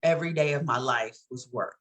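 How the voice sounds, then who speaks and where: A woman's voice: rumbling low, fairly quick, a bit bright. A woman co-hosting a casual chat, telling her story candidly and laughing often. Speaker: co-host.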